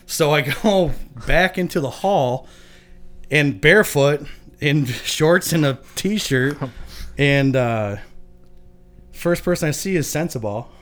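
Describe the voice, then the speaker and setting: A man's voice: on the high side, expressive, takes it slowly, fairly bright tone. A young adult man from Michigan casually telling a long, profane story, often laughing as he talks. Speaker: podcast guest.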